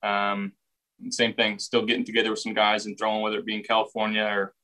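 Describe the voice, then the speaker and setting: A young man, a football quarterback, answering reporters' questions in a relaxed way, often repeating words as he finds his phrasing. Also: on the low side, fast, low-quality recording. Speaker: football quarterback at a press session. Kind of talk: casual press interview answers.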